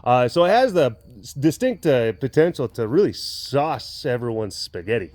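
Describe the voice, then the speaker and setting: A man's voice: medium pitch, big pitch swings, moderate pace, darkish tone. A man, a big cat keeper telling stories in a casual vlog, rambling with many fillers and chuckles.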